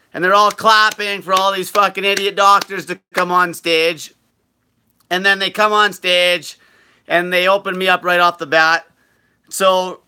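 A high, piercingly bright male voice tears through an angry vlog rant, swearing nonstop. He mocks his critics in a drawn-out, sneering tone. He sounds furious and contemptuous. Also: clean tone. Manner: profane, shouting, furious; mocks others in slow sneering voice. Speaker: diet channel host.

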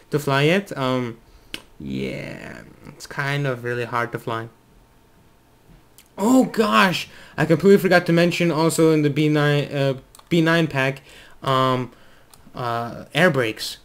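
A man hosting a let's play, commentating excitedly to himself as he flies, at a desk mic at home. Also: on the high side, moderate pace. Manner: excitable, talks to himself while flying. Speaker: gaming video host.

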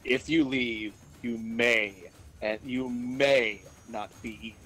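A hungry demon warrior makes a calm, deadpan threat, as a man plays him at the table. His voice stays level and everyday while the words menace. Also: medium pitch, slow pace, faint music behind.

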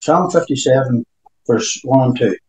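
A man's voice: medium pitch, moderate pace, a little mellow, slight background noise. Emphatic preacher man, echoey hall. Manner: emphatic, reads scripture aloud between remarks. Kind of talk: sermon.

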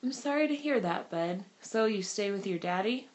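A woman's voice: mid-range voice, animated, moderate pace, natural voice, rough recording. A woman reading aloud as a friendly middle-aged man driver who teases and jokes in a talkative way. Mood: teasing.

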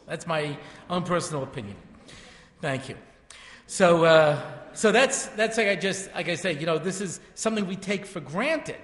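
A man's voice: fairly high pitch, normal speed, fairly bright tone. A man around sixty, a rabbi telling jokey stories in a lecture to a live audience in a large hall, full of chatty asides and self-interruptions. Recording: echoey hall reverb.

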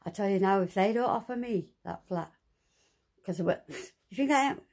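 A woman ranting angrily and swearing, talking to her viewers from inside her flat. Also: mid-range voice, moderate pace. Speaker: vlogger. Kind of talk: angry monologue to camera.

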